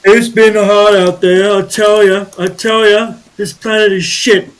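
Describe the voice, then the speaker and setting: A man's voice: high voice, little pitch movement, unhurried, clean tone, pitched above the performer's own voice, poor audio. A man voicing a smelly, grumbling male soldier in his late fifties who swears and complains. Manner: profane complaining.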